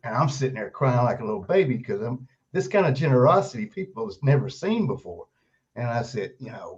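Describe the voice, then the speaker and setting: An older man, a guest author, telling animated stories in an interview and laughing often as he goes. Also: medium pitch, fast. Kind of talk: storytelling interview. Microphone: video call. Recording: dull lo-fi remote call audio.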